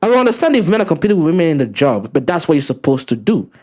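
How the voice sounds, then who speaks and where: A man ranting through a reaction commentary, incredulous and profane, his voice swinging up high when he gets worked up. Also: sing-song, very fast, a little mellow. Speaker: commentary channel host.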